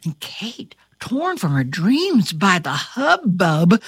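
Woman storyteller, high and leisurely, big dramatic read-aloud with whispers and cries, a touch breathy. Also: wildly swooping pitch, takes it slowly, dry recording. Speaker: storybook reader.

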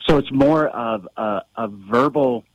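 A man's voice: medium pitch, a little slow, dry recording, rough recording. A man from the United States calling a radio show, telling a friendly story about a neighbor. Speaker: caller. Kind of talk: call-in radio chat.

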